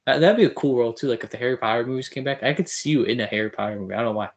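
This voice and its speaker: A man's voice: mid-range voice, racing, muffled recording. A man hosting a podcast interview, teasing his guest and talking loosely with repeated fillers. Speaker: podcast host. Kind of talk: casual interview chat.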